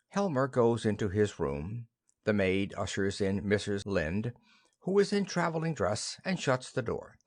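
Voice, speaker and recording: A man narrating an audiobook play, reading out the stage directions and speaker names in a low, even manner. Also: measured pace.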